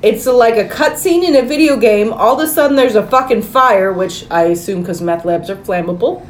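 A woman's voice: fairly high pitch, a little fast. A woman hosting a podcast, retelling a movie plot in casual chat with some swearing. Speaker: podcast host. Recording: echoey room with faint noise.

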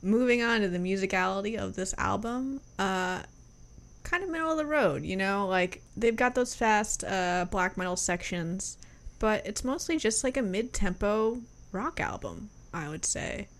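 Gravelly-voiced woman, casual music reviewer. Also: mid-range voice, lively intonation, a little slow. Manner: laid-back, hedging, laughs often.

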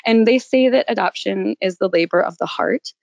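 A woman's voice: medium pitch, moderate pace, gravelly, a little mellow, no room sound, muffled recording. A woman in her thirties, a guest on an interview, telling a personal story with emotion, near tears at times and laughing. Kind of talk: candid interview.

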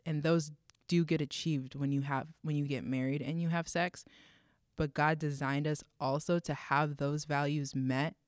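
A young woman with a smooth, radio-style voice, talking through ideas in a measured, reflective way. The sound is dry and close, with no room around it. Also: low-pitched, a little mellow, no echo. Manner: measured, reflective, defines terms. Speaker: co-host. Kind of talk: casual faith discussion.

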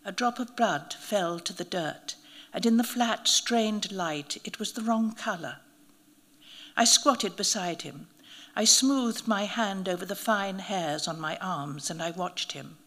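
A woman narrating a first-person audiobook at a mid-range pitch. Her reading is measured and vivid, with scripted, steady storytelling.

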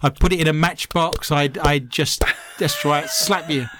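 A man hosting a radio show, trading quick jokes with his co-hosts and reading the sign-off. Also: on the high side, steady tone, background noise. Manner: quick joking asides.

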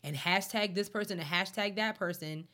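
A woman co-hosting a casual chat, talking bluntly with plenty of slang and quick laughs. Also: mid-range voice, sharp tone.

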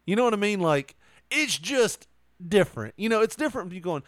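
A man's voice: high voice, very animated, fast, no room sound, studio quality. A man telling a story in casual chat, laughing often and acting out quotes.

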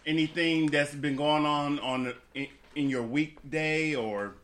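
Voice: mid-range voice, fairly even intonation, unhurried, a bit bright, echoey room, a little hiss or hum. A host in casual group chat, teasing friends and prompting them to share. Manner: teasing, prompting others to talk.

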